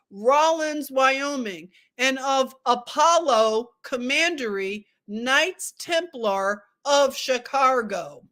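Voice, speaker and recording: A woman's voice: high voice, bright, forceful tone. A woman hosting a casual book discussion, reading a text aloud and breaking off now and then to joke with her viewers. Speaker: host.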